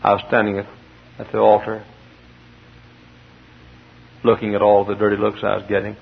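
A man's voice: lowish voice, completely flat delivery, normal speed, gravelly, breathy edge. A male pastor preaching a sermon in a church, telling a story with emphatic bursts. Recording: dull lo-fi sermon tape with faint hiss.

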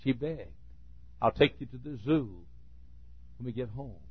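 A preacher with a husky, slightly breathy voice tells folksy stories from the pulpit. He drops low and quiet, then breaks into loud shouts. The recording sounds dull and lo-fi. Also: lively intonation, a little slow. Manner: folksy, swings from quiet asides to sudden shouts. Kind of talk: sermon with storytelling.

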